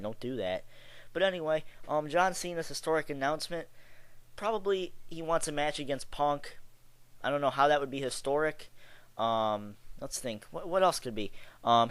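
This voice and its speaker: A man's voice: medium pitch, fairly bright tone, no room sound, poor audio. A young man from Chicago giving a rambling, exasperated and sarcastic casual rant about wrestling, full of fillers and restarts. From Chicago area. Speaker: wrestling vlogger.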